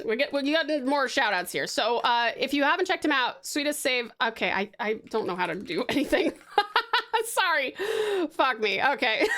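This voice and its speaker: Her voice is high-pitched and somewhat bright as she, a Tasmanian woman with an Australian accent, talks casually on a live stream. She rambles while sketching, laughing often, cursing freely, and staying warm and bubbly throughout.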